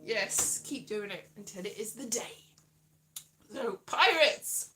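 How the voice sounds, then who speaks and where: A woman's voice: medium pitch, animated, slow pace, pushed and bright, faint music behind. A woman rambling through a playful comic monologue, singsong and fond of silly voices. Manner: playful, sing-song, slips into silly voices. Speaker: vlogger.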